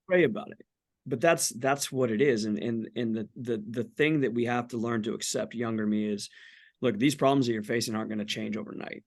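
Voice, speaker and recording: A man in his forties speaks candidly about faith as a podcast guest. His voice sits at an ordinary middle pitch. He is earnest and blunt and swears casually. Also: steady tone, a little fast. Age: 40s.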